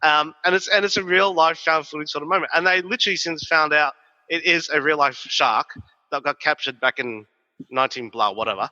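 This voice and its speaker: A man rattles on in casual podcast chat, cursing freely as he tells his stories. His voice is on the higher side and strikingly sharp and forceful. The recording sounds dull and has a long reverb tail. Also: a little fast. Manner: animated, profane storytelling. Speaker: podcast co-host.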